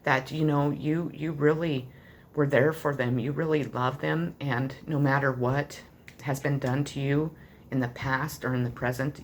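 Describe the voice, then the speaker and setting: A woman's voice: rumbling low, a little hiss or hum. A woman giving a tarot card reading to the viewer, speaking in an earnest, heartfelt way, loose and rambling with many fillers. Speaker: tarot reader.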